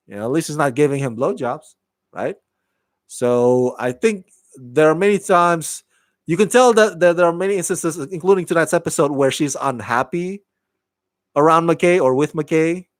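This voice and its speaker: An animated man talks through his take on a TV episode, swearing freely and slipping into quick impressions of the characters. His voice sits a little higher than most men's. The sound is dry and close, with no room echo. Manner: animated, swears freely, laughs, acts out quotes. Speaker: TV show reviewer. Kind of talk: casual solo review.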